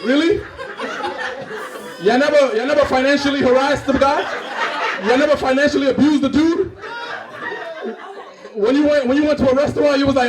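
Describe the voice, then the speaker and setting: A male stand-up comedian from Cameroon performs with a high, animated voice that swings widely. He sounds distant from the mic in a roomy club, with an audience laughing loudly. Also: normal speed, pauses often, crowd noise, noisy background. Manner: animated, acts out scenes and voices.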